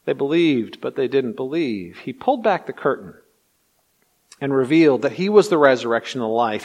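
Male pastor, mid-pitched voice, dynamic sermon delivery, loud and hushed by turns. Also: lively intonation, moderate pace. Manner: dynamic preaching, swings from loud to hushed, acts out quotes.

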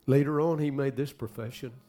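A man preaching a sermon, swinging dramatically from hushed, slow phrases to loud bursts. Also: medium pitch, fairly even intonation. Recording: faint music behind.

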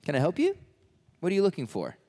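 A man voicing Jesus as a gentle teacher who speaks softly and warmly invites others to follow. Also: a little high, slow pace, gravelly, long reverb tail, pitched above the performer's own voice. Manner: gentle, soft.

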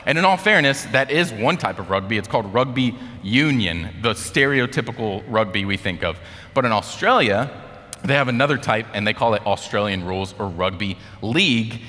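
A man's voice: lowish voice, expressive, normal speed, sharp tone, long reverb tail. An American man giving a casual sermon, telling a story in a chatty way with lots of fillers. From United States. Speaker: speaker.

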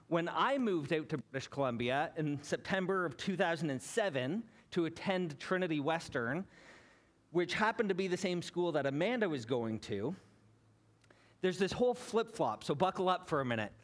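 A Canadian man in his thirties, a pastor giving a sermon in a relaxed, storytelling way. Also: on the high side. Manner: conversational, anecdotal, building to a lesson.

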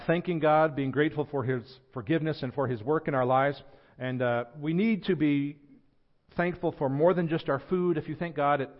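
Male pastor, emphatic sermon delivery, slightly high-pitched, muffled church audio. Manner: emphatic, slows and lifts voice on scripture quotes, drops quiet at phrase ends. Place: church sanctuary.

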